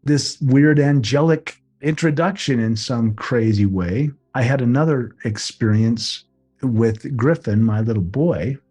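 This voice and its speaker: A man's voice: medium pitch, a little slow, mellow, slightly rough. A middle-aged man, an interview guest, earnestly recounting a personal experience and acting out remembered conversations. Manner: earnest, acts out remembered dialogue. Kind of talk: personal storytelling.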